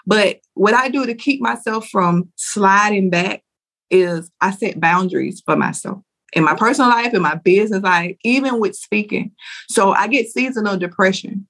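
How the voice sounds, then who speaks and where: A woman guest on a podcast talks frankly and earnestly. Her way of speaking is casual and conversational, and her pitch sits in a middle range. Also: moderate pace, fairly bright tone. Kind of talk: candid interview talk.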